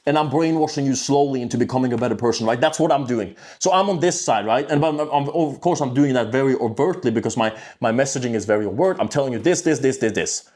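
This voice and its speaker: A man's voice: medium pitch, fast talker, few pauses, darkish tone. A man talking off the cuff in a motivational monologue, blunt and emphatic, swearing and often checking in with "right?". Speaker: self-improvement video host.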